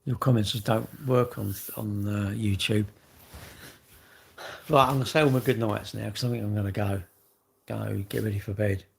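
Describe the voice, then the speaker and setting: An English man in middle age chats on a casual livestream with a gravelly, low voice. He rambles along with plenty of tag questions. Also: steady tone, moderate pace, pauses often, slight background noise. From England. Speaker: livestream host.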